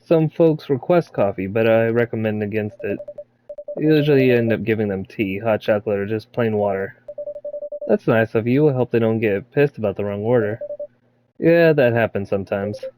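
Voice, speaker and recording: A man's voice: lowish voice, normal speed, mellow, a little hiss or hum, rough recording. A man playing through a story game and reading every character's lines aloud, mostly in his own voice. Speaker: game player voicing the characters. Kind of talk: playthrough voice acting.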